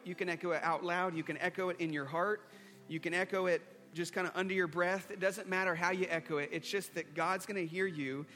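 A man's voice: on the high side, brisk. A man preaching a sermon to a congregation, earnest and repeating a refrain as he leads an altar call and a line-by-line prayer. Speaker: pastor. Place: church hall before a congregation. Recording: long hall reverb with soft guitar.

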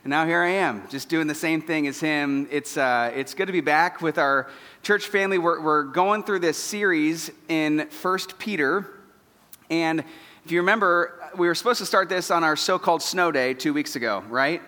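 Emotional, bright-voiced man preaching in a hall. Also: fairly high pitch, moderate pace. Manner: candid, self-deprecating, emotional. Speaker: pastor. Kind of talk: sermon. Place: church auditorium. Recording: long church hall reverb.

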